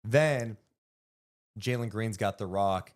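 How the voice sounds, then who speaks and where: A man co-hosting a basketball podcast, talking through a game in animated, casual chat. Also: fairly low pitch, slow. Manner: animated, swings up when excited, swears casually.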